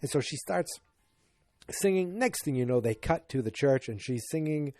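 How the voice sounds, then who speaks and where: Casting: man in his forties, podcast host, rambling and jokey, mellow tone, dry close sound. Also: fairly high pitch, animated, no room sound. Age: 40s. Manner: rambling, jokey, acts out characters in quick bursts. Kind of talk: casual solo podcast recap.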